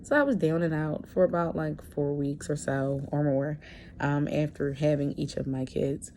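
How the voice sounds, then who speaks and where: Low, gravelly-voiced woman vlogger. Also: moderate pace, warm tone, a little hiss or hum. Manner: hesitant, many fillers and restarts; candid and earnest. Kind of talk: personal vlog talk.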